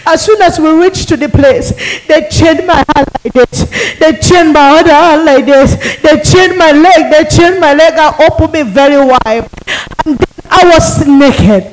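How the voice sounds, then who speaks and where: A woman's voice: very high-pitched, rough recording. A woman evangelist with a Nigerian accent giving a fervent, pleading testimony sermon, repeating her phrases. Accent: Nigerian English. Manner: pleading, fervent, repetitive delivery.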